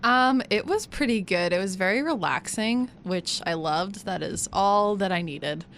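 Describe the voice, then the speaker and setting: A young woman cohosts a college radio show, sounding bubbly and giggling between remarks. Her voice sits at a middling pitch, with a faint noise floor behind the studio mic. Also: measured pace, fairly bright tone. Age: young adult. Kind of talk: casual radio chat.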